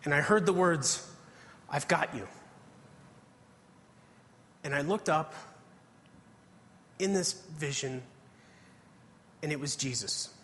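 A man's voice: on the high side, slow, pauses often, a bit bright, slight background noise. Earnest male preacher in a reverberant hall. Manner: earnest storytelling, reads scripture aloud. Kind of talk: testimony sermon.

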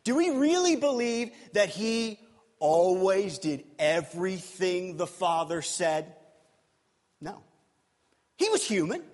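A pastor with a high, light voice preaches to his congregation in a chatty, conversational manner. He keeps asking questions of the room. His voice rings out with a long tail of reverb through the large church hall. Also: expressive, slow, darkish tone. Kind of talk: sermon.

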